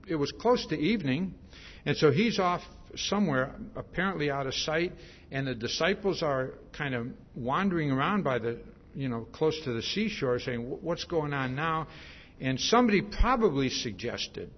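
A man preaching a sermon in a relaxed, conversational way, retelling a story with animated asides and frequent restarts. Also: a little high. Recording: dull lo-fi recording.

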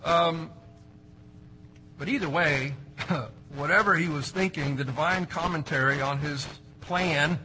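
A male pastor preaching a sermon, swinging between loud emphatic phrases and quiet asides. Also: on the high side, measured pace, pauses often, a little hiss or hum, poor audio.

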